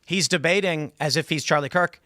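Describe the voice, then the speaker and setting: Male host, quick, dry sound. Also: a little high, bright, forceful tone, no room sound. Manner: quick, breaking into laughs, restarts. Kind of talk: panel political chat.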